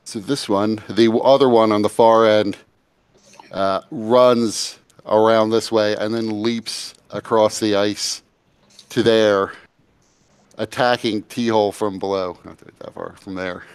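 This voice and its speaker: A man narrating and refereeing a tabletop game as game master, in a casual, halting way. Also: on the low side, fairly even intonation, clear, resonant tone, dry recording.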